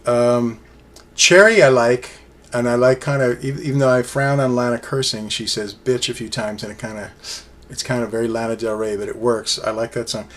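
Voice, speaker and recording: A man gives a casual solo album review, chatty and wandering, his plain fan enthusiasm packed with fillers. His voice is medium-pitched and fairly bright, with a steady tone at normal speed.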